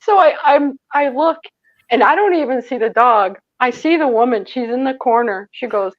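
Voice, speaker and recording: Lively high-voiced woman telling a story. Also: normal speed, dry recording, highs cut off. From Michigan, USA. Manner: laughs often, acts out quoted voices. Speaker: guest, psychic medium. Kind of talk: animated storytelling in a casual interview.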